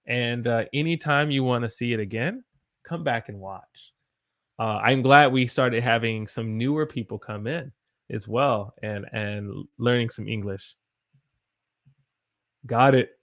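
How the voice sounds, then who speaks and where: Slow, patient American man teaching English. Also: mid-range voice, fairly bright tone, dry recording, studio quality. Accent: General American. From United States. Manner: patient, repeats phrases slowly for learners to copy. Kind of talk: live-stream English lesson answering chat.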